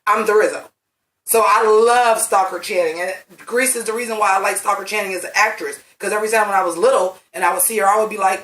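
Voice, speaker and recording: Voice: medium pitch, a bit bright. Blunt, profane reviewer in a roomy space. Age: late 30s. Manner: blunt, profane, rambling and emphatic. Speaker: movie reviewer. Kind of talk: casual vlog review. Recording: roomy sound from a distant mic.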